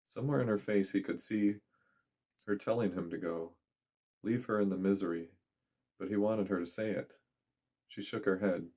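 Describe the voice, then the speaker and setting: A man with a deep, low voice narrates a story aloud. He reads at a steady, measured pace, as in a scripted storytelling piece.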